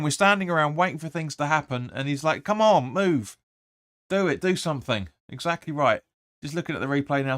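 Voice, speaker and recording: A man hosting a live football watch-along, rambling through the play and sometimes shouting at the players. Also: mid-range voice, clear, resonant tone, no room sound, clean studio sound. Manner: rambling, restarts often, erupts when urging players. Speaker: fan channel host.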